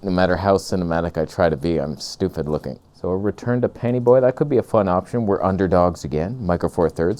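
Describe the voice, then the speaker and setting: A man ranting sarcastically in a comedic vlog, outdoors on a lavalier mic, jumping between high mocking voices and low grumbles. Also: fast talker, hardly any pauses, darkish tone. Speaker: camera vlogger.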